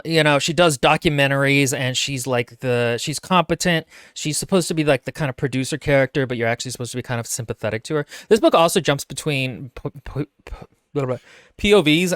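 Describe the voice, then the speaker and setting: A man's voice: a little high, normal speed, fairly bright tone, no room sound, clean studio sound. A man co-hosting a podcast, giving opinionated, wry comments on a novel in casual chat. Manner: opinionated, wry, trailing asides. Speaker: podcast co-host. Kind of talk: casual book discussion.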